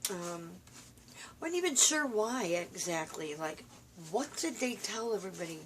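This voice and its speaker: A tired woman rambling in a personal vlog from a room at home, halting and confiding, full of fillers and restarts. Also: mid-range voice, a little hiss or hum. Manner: weary, confiding. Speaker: vlogger.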